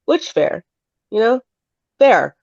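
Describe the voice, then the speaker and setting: A woman, a mother, co-hosting a casual podcast chat, blunt and animated and laughing often. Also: a little high, slow, no echo, lo-fi sound. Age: adult parent. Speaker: podcast co-host.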